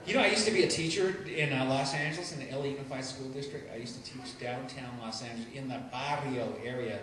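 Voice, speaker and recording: A man's voice: medium pitch, quick pace, far from the mic, crowd noise. A man doing a stand-up comedy set, rambling and self-deprecating, often stumbling and restarting his sentences. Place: live comedy venue. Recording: echoey live room mic, noisy.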